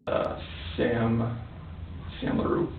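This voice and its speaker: Brief: man under questioning, gravelly voice, hesitant, heard far off through phone-like interview audio. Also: mid-range voice, completely flat delivery, echoey room. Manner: halting, hesitant answers. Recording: tinny distant archive interview audio with faint noise.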